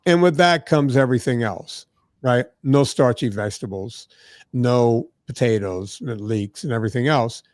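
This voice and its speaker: Brief: male fitness guest, chatty storyteller, mimics people he quotes, dry close sound, middle pitch. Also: normal speed, no echo. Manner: animated, acts out quoted people, frequent "right?" tags. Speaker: diet and fitness expert guest. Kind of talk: casual conversational storytelling.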